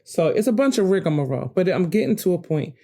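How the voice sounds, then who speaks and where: Older host, mellow voice, rambling and animated. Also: female voice, fairly low pitch, quick pace. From New Jersey. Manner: rambling, animated, self-correcting. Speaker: podcast host. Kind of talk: casual storytelling monologue.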